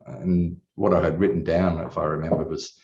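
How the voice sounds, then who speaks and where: A man's voice: extremely low pitch, flat delivery, normal speed, creaky, darkish tone. A man, candidly telling his personal story in an earnest, emotional way, with casual swearing and many restarts. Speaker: client giving a testimonial. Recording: distant mic, dull lo-fi sound.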